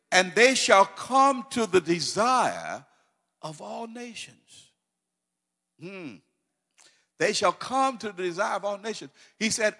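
A man preaching with a high, bright, ringing voice that swings from quiet teaching to loud, fervent repetition. His voice echoes with a long reverb, as in a large hall. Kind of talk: sermon.

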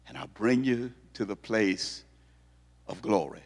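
A male pastor preaching an emphatic sermon, firing off rhetorical questions as his voice swings high and low. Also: normal speed, vocal fry, husky. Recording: long hall reverb.

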